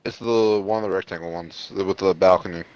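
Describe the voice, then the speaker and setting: A man's voice: low voice, fairly even intonation, fast, darkish tone, dull audio. A man chatting with a teammate during a shooter game, in short, offhand remarks. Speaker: gaming teammate. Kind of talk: casual game chat.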